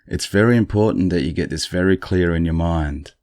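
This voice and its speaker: A man hosting a podcast, retelling a story in a relaxed, chatty, dryly amused way, with a congested morning voice. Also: low voice, fairly quick, no room sound, studio quality. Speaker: podcast host.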